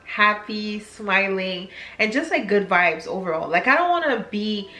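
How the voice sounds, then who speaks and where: A woman's voice: medium pitch, lively intonation, measured pace, bright, forceful tone. A young woman with a French accent, talking candidly in a confessional vlog and slipping into French mid-sentence. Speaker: YouTuber. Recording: echoey room, faint music.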